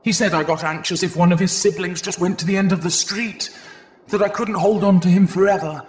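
A woman voicing a weary, grieving alien mother in a hushed, low voice for an audiobook. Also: steady tone, a little fast, close to an everyday voice. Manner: low, hushed, heavy delivery. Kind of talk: audiobook character voice.

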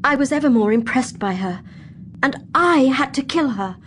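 A woman narrating an audio drama in the first person as a frightened but defiant young female companion, telling it in an earnest, expressive way. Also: high-pitched, moderate pace, slight background noise.

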